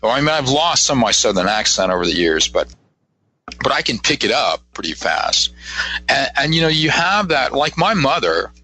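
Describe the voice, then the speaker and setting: A man's voice: medium pitch, bright, forceful tone, breathy edge, rough recording. A man from Ohio, a psychic guest on a radio talk show, speaking earnestly and encouragingly with frequent restarts. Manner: earnest, encouraging, many restarts and "you know".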